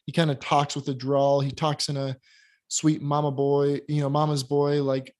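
A man's voice: a little high, level tone, moderate pace, darkish tone. A man co-hosting a casual film review chat, giving candid and critical opinions with plenty of hesitations and restarts. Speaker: podcast co-host reviewing films.

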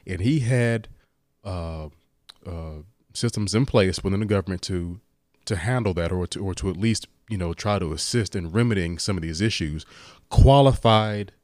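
A man's voice: low-pitched, normal speed, a little mellow, no echo, studio quality. A man co-hosting a podcast in casual chat, sarcastic and swearing freely. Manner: sarcastic, mocking, profane. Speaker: podcast co-host.

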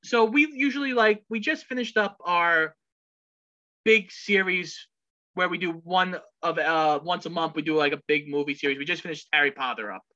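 Co-host, bright forceful tone, quick and chatty, lo-fi recording. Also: medium pitch. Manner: quick, chatty, quotes movie lines. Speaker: podcast co-host. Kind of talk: casual chat. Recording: dull lo-fi sound.

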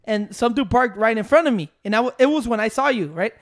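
A Mexican-American man, co-hosting a casual podcast chat, telling profane, animated stories full of asides and "wait"s. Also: extremely high pitch, quick pace. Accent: Mexican-American, mixing in Spanish. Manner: profane, animated storyteller who keeps saying "wait". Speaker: podcast co-host. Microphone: studio microphone at a table.

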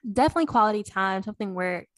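A woman's voice: mid-range voice, expressive, rapid-fire, dry recording, clean studio sound. A young adult woman co-hosting a podcast in casual chat, earnest and a bit rambling. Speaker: podcast co-host.

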